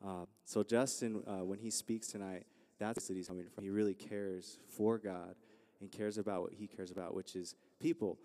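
A man's voice: on the low side, little pitch movement, moderate pace, dark tone. A young man introducing speakers at a campus ministry service, telling stories casually with lots of fillers. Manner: rambling, storytelling, many fillers. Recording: long hall reverb.

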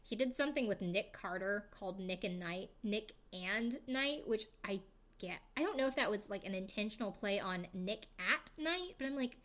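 A young adult woman hosts a podcast in a relaxed, chatty way. She rambles through a recap with plenty of fillers and playful side comments, keeping it casual and conversational. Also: medium pitch, fairly quick. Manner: chatty, filler-heavy, jokey asides. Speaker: podcast host.

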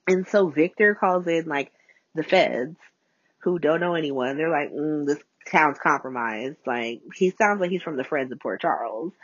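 A chatty woman recaps as a solo podcast host, swearing freely and letting her pitch leap up and dive low. Her voice sits low and slightly husky. The phone voice note sounds dull, dry and lo-fi. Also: moderate pace, no room sound. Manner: chatty, profane, swings pitch a lot. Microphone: phone voice notes.

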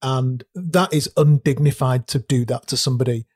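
Husky man, emphatic. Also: medium pitch, normal speed, darkish tone, dry recording, clean studio sound. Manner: emphatic, repeats words for stress. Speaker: podcast co-host, recruiter. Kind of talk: casual chat.

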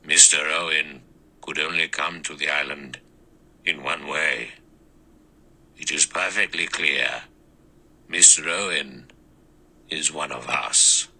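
A man voicing an old, stern judge who speaks in a measured, precise and commanding way. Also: a bass voice, gravelly, sharp tone, slightly rough, heavily acted, rough recording. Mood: grave, commanding. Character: old stern male judge, calm, authoritative.

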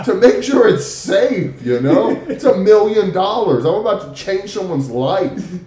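A man's voice: high voice, big pitch swings, unhurried, a crowd in the background. A man on a casual podcast, joking bluntly and swearing freely. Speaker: podcast co-host. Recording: echoey room.

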